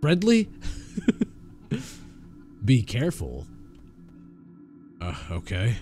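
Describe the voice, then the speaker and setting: A young man giving excitable live gameplay commentary, swearing and laughing as he reacts. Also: mid-range voice, extremely slow, soft background music. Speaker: streamer.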